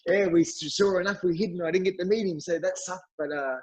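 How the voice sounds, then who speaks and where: A man's voice: high-pitched, fast, husky, poor audio. A man with an Australian accent telling a casual anecdote as a podcast guest, acting out what others said. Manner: animated anecdote teller, acts out quotes. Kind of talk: casual storytelling.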